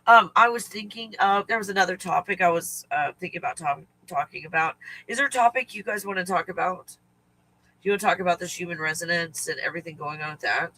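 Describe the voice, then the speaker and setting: A man's voice: sits high, fast, bright, forceful tone, rough recording. A man hosting a casual spiritual livestream, talking in a rambling, profane way and often laughing. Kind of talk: casual chat to viewers.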